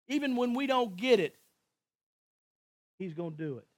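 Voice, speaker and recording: A pastor preaching a sermon with passion, moving from hushed tones to near shouts and repeating phrases rhythmically. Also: male voice, very high-pitched, expressive, moderate pace, long pauses, dry recording. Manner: repetitive, rhythmic emphasis.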